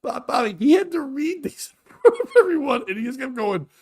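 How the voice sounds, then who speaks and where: A man's voice: very high-pitched, sing-song, normal speed, a little mellow. A man hosting a casual comedic chat show, reading out texts, mocking them crudely and laughing often. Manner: reads out texts and riffs on them. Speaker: host.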